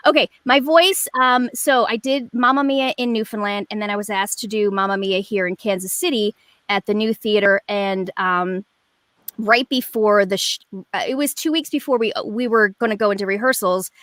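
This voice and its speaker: A woman in her forties, a guest performer telling a story in a rambling, animated way with lots of fillers over a video call. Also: mid-range voice, normal speed, no room sound. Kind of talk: casual chat.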